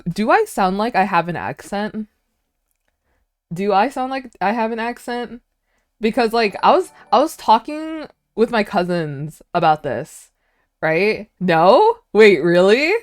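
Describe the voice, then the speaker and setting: A woman's voice: medium pitch, dry recording, studio quality. A young woman with an American accent, a first-language Vietnamese speaker, chatting casually as a streamer with viewers, giggly and full of filler words. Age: young adult. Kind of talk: casual chat, answering viewer chat.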